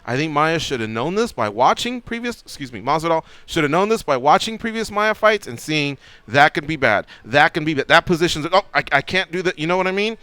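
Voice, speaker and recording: Sports radio host guy, kinda high voice, talks emphatic and animated, dry close mic. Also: a little fast, few pauses, clear, resonant tone, dry recording.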